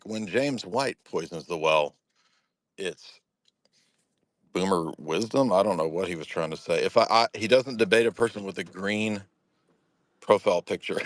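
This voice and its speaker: A man's voice: on the low side, fairly bright tone, no echo. A man voicing a campy gossiping Southern man who keeps calling the listener honey, in a sassy, teasing drawl.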